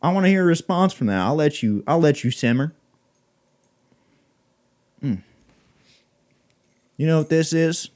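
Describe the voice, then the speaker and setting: A man's voice: a little high, animated, a little slow, pauses often. A man playing a crude, bigoted redneck who taunts and rants with constant profanity in a comedy sketch. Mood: taunting. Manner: profane, taunting, loud ranting. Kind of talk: comedy sketch role-play.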